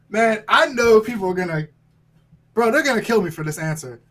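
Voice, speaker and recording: A man's voice: sits high, animated, moderate pace, fairly bright tone, rough recording. A man who trains firefighters, talking in a casual podcast interview in a direct, emphatic way, often checking in with "right?". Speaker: fire training instructor, guest.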